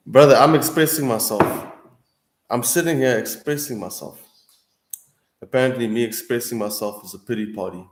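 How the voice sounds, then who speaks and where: A man's voice: mid-range voice, moderate pace, a little hiss or hum. A young man in a casual, heated monologue, swearing often and calling the listener bro and dude. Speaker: streamer answering viewers. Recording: echoey room.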